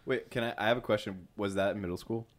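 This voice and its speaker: A man's voice: on the low side, steady tone, quick pace. A man in a loose group conversation who rambles through his stories. He laughs often and swears freely. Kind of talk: casual group chat.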